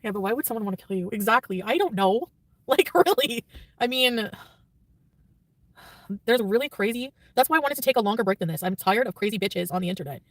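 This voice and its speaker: A woman's voice: on the high side, expressive, fairly quick, no room sound. A woman vlogger chatting casually, rambling and defensive, laughing often. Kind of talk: casual vlog chat.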